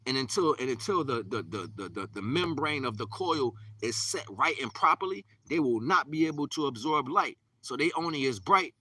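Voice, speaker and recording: Very bright-voiced man teaching from far off. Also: mid-range voice, expressive, moderate pace, hardly any pauses, breathy edge, dry recording. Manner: repetitive, preachy, drops to near-whisper. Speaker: spiritual teacher. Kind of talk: live-streamed spiritual talk.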